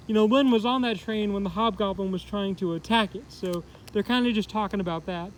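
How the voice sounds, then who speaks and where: A man's voice: high-pitched, a little hiss or hum, poor audio. A man casually reviewing a comic book, rambling with lots of fillers and restarts.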